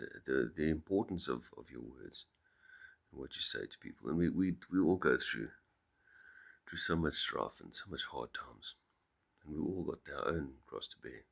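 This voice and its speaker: A middle-aged man speaking softly to the camera on his farm early in the morning, halting and reflective, with many pauses and restarts. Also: extremely low pitch, creaky. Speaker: farm vlogger. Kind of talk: reflective personal talk to camera.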